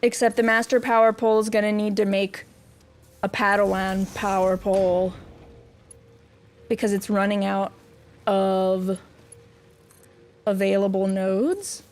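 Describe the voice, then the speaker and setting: A woman's voice: mid-range voice, little pitch movement, a little slow, long pauses, faint music behind. A young woman streaming a building game, chatting with viewers in a goofy, self-mocking way and giggling often. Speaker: VTuber streamer. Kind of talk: casual game stream chat.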